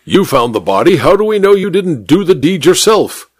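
A man's voice: high voice, very animated, moderate pace, breathy edge, no echo, voice pushed up, full character voice. A man voicing a combative major who snaps back at accusations. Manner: combative, retorting.

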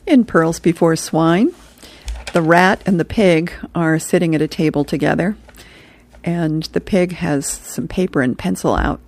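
A woman's voice: lowish voice, unhurried, darkish tone. A woman host reading newspaper comic strips aloud, chuckling between them.

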